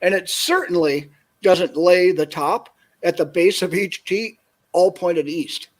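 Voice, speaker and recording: A man from northern Minnesota, a guest, telling an animated story on a video call and acting out what people said. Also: sits high, a little slow. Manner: animated anecdote, acts out quoted dialogue. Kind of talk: casual storytelling on a call-in show.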